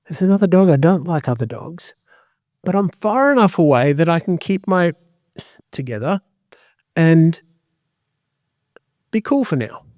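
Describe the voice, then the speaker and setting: A man's voice: a little high, expressive, a little slow, pauses often, a little mellow, no echo, studio quality. A man voicing a good-natured pet dog that talks through its nerves in a chatty inner monologue. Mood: uneasy.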